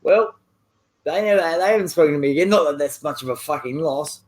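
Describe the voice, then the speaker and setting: High-pitched, foul-mouthed man, outspoken, online group chat. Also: lively intonation, quick pace, darkish tone. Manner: blunt, heavy swearing, outspoken.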